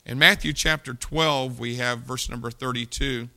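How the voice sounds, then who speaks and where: A man's voice: mid-range voice, steady tone, normal speed, bright, forceful tone. A man preaching a folksy sermon, reading scripture aloud and talking directly to his congregation. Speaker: pastor.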